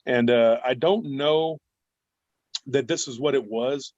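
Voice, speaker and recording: Animated male storyteller, dull audio. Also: medium pitch, slow pace, no echo. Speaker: guest cryptid researcher. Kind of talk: storytelling interview. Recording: dull dry remote recording.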